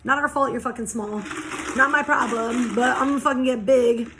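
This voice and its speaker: Young woman, fairly high voice, passionate, blunt, swears a lot, card reading. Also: fairly even intonation, normal speed, background noise. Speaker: tarot reader. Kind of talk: casual oracle card reading.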